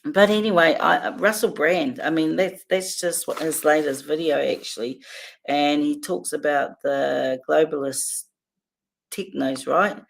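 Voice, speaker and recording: A woman's voice: low-pitched, a little slow, creaky. A woman hosting a casual livestream, chatting, reading viewer comments and laughing often between remarks. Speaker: livestream host.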